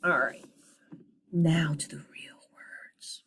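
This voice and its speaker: A woman teaches a phonics lesson to young children with a patient, encouraging manner. Her voice sits fairly low and she speaks slowly, sounding each syllable out. She keeps praising and nudging her students along. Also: fairly bright tone, in a whisper.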